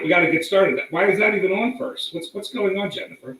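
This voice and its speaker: A man's voice: sits high, brisk, hardly any pauses, bright, forceful tone. A man co-hosting a live talk show, bantering with jokes and teasing. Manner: teasing, jokey. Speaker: co-host, magazine publisher. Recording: roomy echo.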